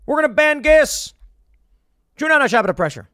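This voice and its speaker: A man's voice: very high-pitched, big pitch swings, fairly quick, sharp tone, dry recording, studio quality, voice pushed up, exaggerated voice. A man doing a folksy, mumbling impression of an older male politician.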